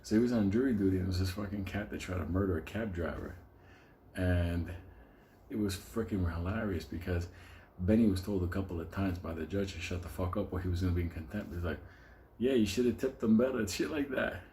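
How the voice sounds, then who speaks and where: Brief: low-voiced man, mellow tone, swearing storyteller who rambles and laughs. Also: a little fast, a little hiss or hum. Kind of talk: casual anecdote.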